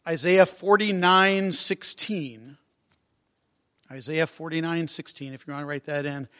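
A man preaching a sermon, earnest and emotional, reading hymn lines slowly. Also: a little high, sharp tone, clear, resonant tone. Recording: long hall reverb.

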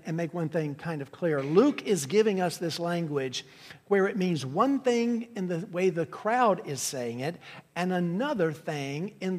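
A man delivers an earnest teaching sermon. He often restarts his phrases as he works through the verses. His voice sits slightly high and carries a long, echoing reverb, as if heard in a church hall. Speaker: pastor. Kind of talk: expository sermon.

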